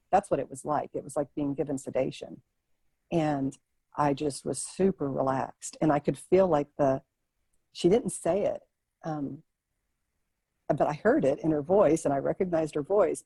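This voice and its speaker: A woman guest in an interview, telling a personal story in a vivid, expressive way, often restarting her sentences. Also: deep voice, gravelly, husky, no echo, low-quality recording. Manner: vivid, expressive, animated retelling with many restarts.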